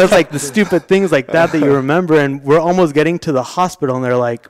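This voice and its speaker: A man's voice: medium pitch, fast, few pauses, clear, resonant tone, no room sound, studio quality. A young man telling a story as a podcast guest, casually and loosely, swearing and laughing along. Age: young adult. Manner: laid-back, swearing, laughing through his story.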